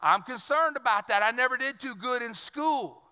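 A man's voice: very high-pitched, lively intonation, moderate pace, sharp tone, clean tone, full character voice. A man voicing a folksy, nervous Cajun man in a church joke, heard with long reverb.

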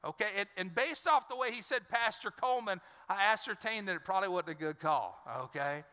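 A man's voice: high-pitched, brisk, bright, forceful tone. A middle-aged male pastor, preaching a sermon and acting out the voices in his stories. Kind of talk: sermon with personal storytelling. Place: large church hall. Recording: reverberant church sanctuary.

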